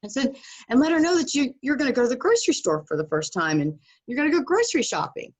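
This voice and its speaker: Her high-pitched voice moves fast as this middle-aged woman, guesting on a podcast, tells a story casually. She's animated throughout, giving each quoted person their own acted-out voice.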